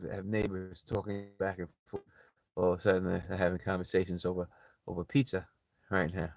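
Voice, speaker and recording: A man's voice: sits low, vocal fry, fairly bright tone, dry recording. A man hosting his own channel, chatting casually and rambling, often laughing and repeating himself. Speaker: channel host. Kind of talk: casual live chat. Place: at home by an open window.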